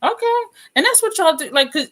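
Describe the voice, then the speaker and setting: A woman's voice: very high voice, expressive, fairly quick, a bit bright. A woman vlogger chatting casually, reading comments and laughing often. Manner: chatty, laughs often, drops into quoted voices. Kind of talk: casual chat with live comments.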